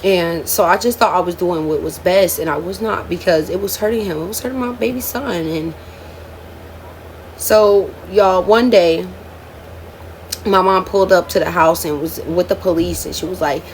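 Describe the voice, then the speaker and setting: A woman's voice: fairly low pitch, moderate pace, a little hiss or hum. Candid young woman telling her story. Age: 20s. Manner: emotional, candid, addresses viewers as "y'all". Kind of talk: storytime vlog, casual chat to viewers.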